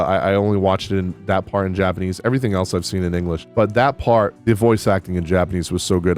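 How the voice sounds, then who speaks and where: A man with a lowish voice talks through a video game update in a loose, casual review. He is candid and excitable and swears freely. Faint music plays underneath. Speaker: gaming YouTuber.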